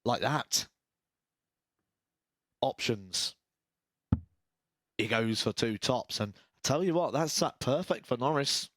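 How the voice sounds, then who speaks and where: A man's voice: medium pitch, animated, takes it slowly, long pauses, a bit bright, no room sound, studio quality. A man commentating live darts, wry and teasing.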